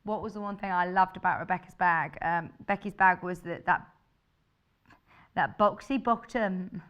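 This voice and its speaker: A woman's voice: fairly low pitch, normal speed, a bit bright, muffled recording. A woman presenting sewing kits on a live shopping channel, chatty and bubbly, thinking aloud as she shows the fabrics. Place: TV studio.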